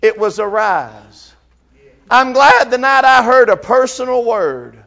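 A man's voice: very high voice, moderate pace, sharp tone. A man in his fifties preaching a sermon fervently, with frequent filler sounds between phrases.

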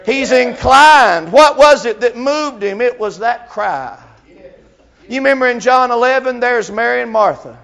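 A man's voice: very high voice, normal speed, vocal fry, a bit bright. A man in his fifties preaching a sermon fervently, with frequent filler sounds between phrases.

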